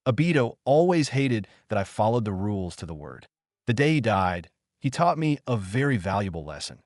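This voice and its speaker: A man's voice: fairly low pitch, big pitch swings, moderate pace, darkish tone, dry recording, clean studio sound. A man voicing a jaded adult ninja teacher who growls and broods, in a storybook reading. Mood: solemn.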